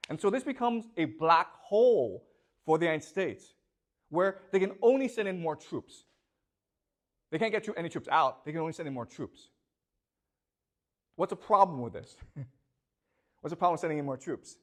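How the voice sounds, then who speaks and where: A man's voice: on the high side, animated, normal speed, long pauses. A man giving a classroom lecture, posing rhetorical questions and constantly checking that his students follow.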